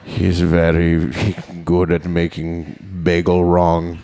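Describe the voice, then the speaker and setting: A lower, deliberate voice of a married shop clerk, put on by a man. She speaks slowly and flatly, matter-of-fact. Her words are drawn out and unhurried. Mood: flat refusal. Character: convenience-store woman, married, flatly refusing.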